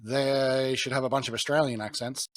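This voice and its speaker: A man co-hosting a podcast, chatting casually about a film with wry, quick asides. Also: medium pitch, fairly even intonation, no room sound. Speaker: podcast co-host. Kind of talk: casual movie review chat.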